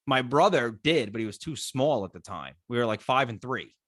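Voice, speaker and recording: A young man co-hosting a podcast, telling jokey stories in casual chat with playful, animated delivery. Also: medium pitch, fairly quick, no echo, clean studio sound. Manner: animated storyteller, playful put-on voices. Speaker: podcast co-host.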